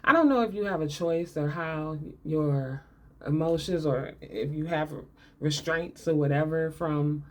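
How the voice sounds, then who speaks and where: A woman's voice: deep voice, unhurried. A woman giving a casual, sarcastic movie breakdown, laughing often and talking in loose, colloquial speech. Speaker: movie commentator.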